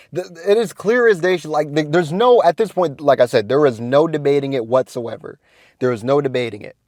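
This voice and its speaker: A man's voice: a little high, no room sound, studio quality. Slangy young man telling a story. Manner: slangy, rambling, peppered with "you feel me" and "whatnot"; animated, swings from hushed to excited. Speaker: vlogger. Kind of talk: casual storytelling vlog.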